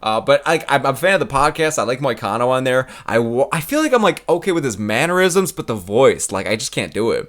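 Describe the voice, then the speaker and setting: A man's voice: medium pitch, sing-song, a little fast, hardly any pauses, fairly bright tone. A young man hosting his own channel, talking casually, swearing freely and laughing often. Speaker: YouTube host. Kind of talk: casual profane chat.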